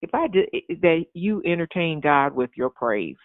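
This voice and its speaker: A man preaching an informal sermon in an animated, repetitive way, often acting out excited voices. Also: fairly high pitch, moderate pace, dry recording. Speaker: pastor. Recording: tinny phone-like sound.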